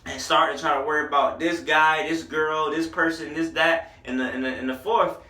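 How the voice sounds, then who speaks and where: Male vlogger, casual slangy album reviewer, bright and a touch high; roomy, distant home mic. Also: moderate pace. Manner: animated, slangy, hypes lines excitedly. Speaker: music reviewer.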